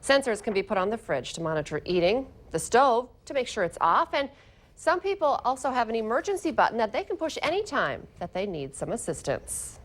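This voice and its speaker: A woman's voice: fairly high pitch, very animated, brisk. A woman news anchor reading local stories in a morning newscast from a TV studio, chatty in the banter between stories.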